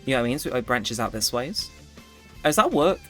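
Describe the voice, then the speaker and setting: Guy rambling through gameplay commentary, keeps correcting himself, bouncy voice, soft music underneath. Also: mid-range voice, brisk. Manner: rambling, self-correcting, animated. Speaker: gaming YouTuber. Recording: faint background music.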